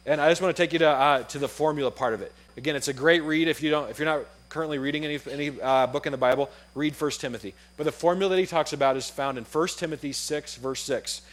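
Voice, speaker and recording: A young adult man preaching a sermon to his church, telling a story with acted-out dialogue in a lively, conversational way. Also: on the high side, fast, few pauses. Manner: animated storytelling, acts out dialogue. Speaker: pastor. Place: church auditorium.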